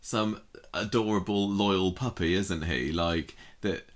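A man's voice: low-pitched, takes it slowly. A man co-hosting a casual podcast, riffing jokily on the story. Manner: jokey, riffs on the story, laughs often. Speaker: podcast co-host. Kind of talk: casual recap chat.

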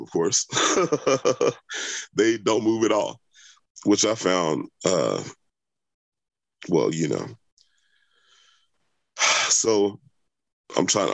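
A man's voice: low voice, no room sound. A young adult man telling a long personal story in conversation, rambling with many fillers and restarts. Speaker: interviewee.

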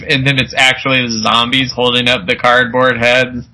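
A man's voice: mid-range voice, level tone, normal speed, few pauses, pushed and bright, rough recording. A man co-hosting a podcast, recapping a movie in casual chat, laughing and acting out characters' lines. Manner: laid-back, laughing, acts out characters in quotes. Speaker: podcast co-host.

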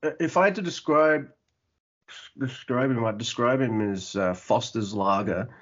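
A man's voice: medium pitch, moderate pace, dull audio. A man from Australia with an Australian accent, co-hosting a casual podcast chat, laughing often and swearing freely. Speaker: podcast co-host.

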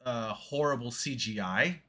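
A man's voice: medium pitch, unhurried, bright, forceful tone. A man in his thirties co-hosting a casual movie podcast, easygoing and a bit hesitant. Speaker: podcast co-host.

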